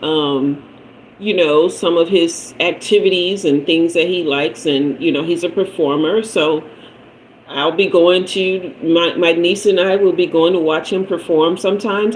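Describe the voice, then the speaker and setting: Chatty, lower-voiced woman hosting a tarot livestream. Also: slight background noise, poor audio. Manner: chatty, warm endearments like child and honey, laughs often. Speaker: tarot reader and livestream host. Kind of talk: casual livestream storytelling.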